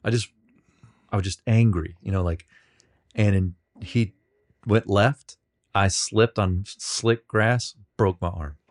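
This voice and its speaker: Deep-voiced guy rambling thru a story, laughs at himself, lots of restarts. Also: steady tone. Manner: rambling, self-deprecating, halting restarts. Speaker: podcast host being interviewed. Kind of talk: casual storytelling.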